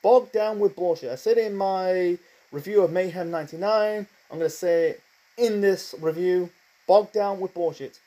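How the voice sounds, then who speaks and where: A man talks through a wrestling show review in a loose, rambling way, full of fillers and side notes. His voice sits a little high for a man, with a mellow, soft tone. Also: low-quality recording. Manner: rambling, many fillers and asides, admits speaking too fast. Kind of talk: casual spoken review monologue.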